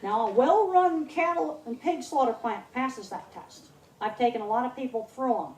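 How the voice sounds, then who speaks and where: Addressing a crowd at an outdoor country fair, this woman in her sixties is blunt and emphatic and repeats words for stress. She speaks at normal speed in a slightly high, darkish voice with lively intonation. It's recorded from a distance, so it sounds roomy, with a little noise.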